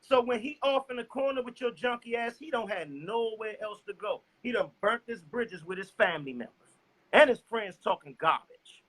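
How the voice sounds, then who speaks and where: Man, fiery street sermon, profane, very high voice, preachy. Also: lively intonation, normal speed, fairly bright tone, breathy edge, poor audio. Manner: directs the scripture reader.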